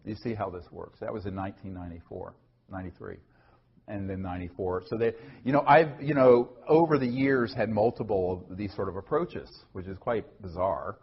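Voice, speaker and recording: A man's voice: fairly low pitch, a little fast. A man speaking earnestly at a talk, conversational with many fillers and restarts, answering an audience question. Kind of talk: lecture and Q&A answer. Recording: dull lo-fi recording.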